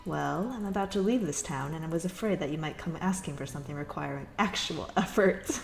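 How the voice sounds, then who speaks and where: A woman's voice: low voice, a little fast, gravelly. A woman voicing a dry, sardonic middle-aged woman mentor in a visual novel, wry and matter-of-fact. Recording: echoey room with music.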